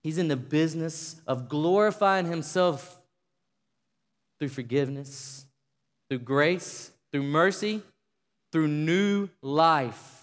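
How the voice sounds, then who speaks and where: A man's voice: fairly high pitch, takes it slowly. Fervent male preacher in a reverberant hall. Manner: builds to fervent shouting, leads congregation in call and response. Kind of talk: sermon. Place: church sanctuary. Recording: long reverb of a large hall.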